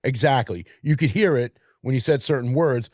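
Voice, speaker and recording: A man from Queens with a New York accent, co-hosting a casual film podcast and talking in long animated run-on stretches. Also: medium pitch, moderate pace, no echo, studio quality. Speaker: podcast co-host. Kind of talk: casual chat.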